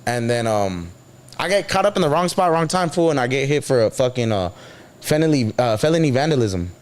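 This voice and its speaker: Expressive and a bit fast, his medium-pitched voice carries a story he tells as an interview guest. The San Diego man talks in slang, curses a lot, and performs the quotes himself in this casual storytelling.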